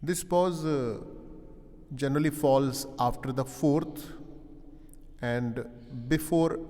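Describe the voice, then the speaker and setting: Male lecturer, unhurried and halting, recorded in a reverberant hall. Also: medium pitch, mellow. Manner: slow and deliberate, frequent "uh" pauses, rephrases points. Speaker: English literature professor.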